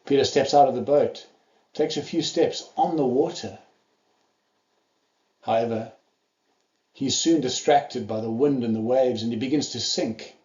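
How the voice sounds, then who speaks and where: A man's voice: medium pitch, takes it slowly, long pauses, warm tone, muffled recording. Man preaching a sermon in an echoey hall. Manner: earnest storytelling, acting out quoted lines.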